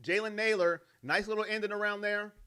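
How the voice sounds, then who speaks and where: A man hosting a live fan stream, calling the plays and reading out chat messages and donations in an animated way. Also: sits high, a little fast, smooth. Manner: animated, loud, reacts to plays and reads donations. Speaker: fan livestream host doing play-by-play.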